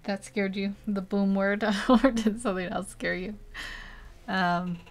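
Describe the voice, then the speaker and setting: A woman's voice: medium pitch, steady tone, a little slow. A young woman casually narrating as she paints a digital portrait, chatty and rambling, laughing often between thoughts. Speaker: digital art streamer.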